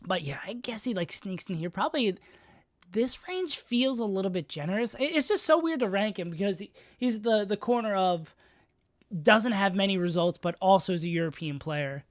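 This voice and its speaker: A man's voice: sits high, lively intonation, moderate pace, no room sound, studio quality. A man streaming live, casually talking through player rankings in a rambling, self-mocking way. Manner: rambling, self-mocking, many fillers and restarts.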